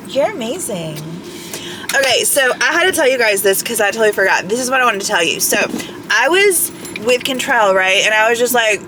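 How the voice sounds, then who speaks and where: A woman's voice: a little high, background noise. A woman, chatting casually to her phone camera in a rambling way, full of "like" and "right?". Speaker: vlogger.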